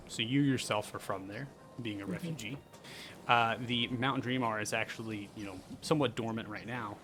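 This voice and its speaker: Casting note: man as game master, middle pitch, patient rule explanations, noisy mic feed. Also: moderate pace, hardly any pauses. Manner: explanatory, hesitant, self-correcting. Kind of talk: narrating a tabletop game. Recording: noisy background.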